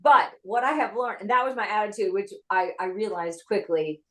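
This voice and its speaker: The audio is poor as a screenwriter and ex-actress chats animatedly about her life in a video-call interview from her home office. Her pitch is medium and she speaks a little fast.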